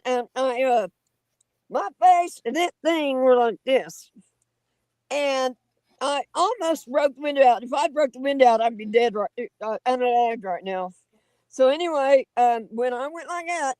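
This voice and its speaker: A woman tells her stories in a high, bright voice, folksy and dramatic, with loose grammar. The sound is close and dry, with no room echo. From Oklahoma. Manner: animated, folksy, dramatic telling with rough grammar. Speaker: guest storyteller on a paranormal livestream. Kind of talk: casual livestream storytelling.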